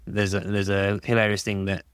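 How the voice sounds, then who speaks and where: Rambling man, low voice. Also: flat delivery, brisk, a bit bright, smooth, no room sound, clean studio sound. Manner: rambling, heavy on "like" and restarts. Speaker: podcast guest. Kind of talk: casual podcast chat.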